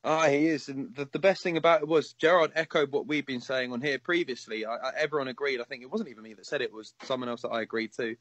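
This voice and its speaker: Fast-talking eager man on a fan show. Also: medium pitch, fairly bright tone, no room sound. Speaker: fan radio co-host. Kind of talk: casual chat.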